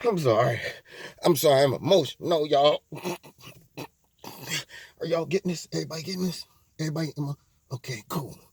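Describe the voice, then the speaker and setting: A man's voice: on the high side, a little fast, creaky, pauses often, darkish tone, husky, dry recording. A man playing a melodramatic, weepy man in a satirical comedy sketch, sobbing and trailing off. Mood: overwrought. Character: melodramatic weepy man telling of a store insult.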